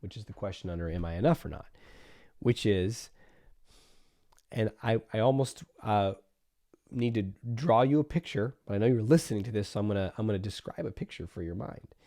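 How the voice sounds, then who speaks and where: A man's voice: lowish voice, animated, a little fast, dark tone. A man who is a therapist, hosting a solo podcast and explaining ideas with everyday examples, sometimes acting out what people tell themselves. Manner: explains with everyday examples and acts out inner voices.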